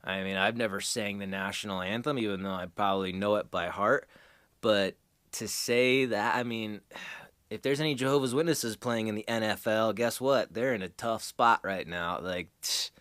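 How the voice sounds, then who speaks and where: A man's voice: lowish voice, normal speed, fairly bright tone, clear, resonant tone, no echo. A man from the United States hosting a rambling, casual monologue. He chuckles as he goes and drifts into crude asides. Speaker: host.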